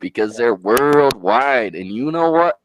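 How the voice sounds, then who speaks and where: A man's voice: medium pitch, lively intonation, slow, a crowd in the background. Brash, swearing man talking trash. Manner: brash, profane, boastful. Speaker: co-host. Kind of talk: wrestling-style trash talk.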